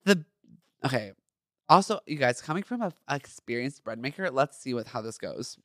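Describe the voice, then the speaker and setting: A man's voice: mid-range voice, animated, moderate pace, a bit bright, dry recording, clean studio sound. A man hosting a podcast, reading his own fan fiction aloud and breaking off into campy, sassy asides. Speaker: podcast host.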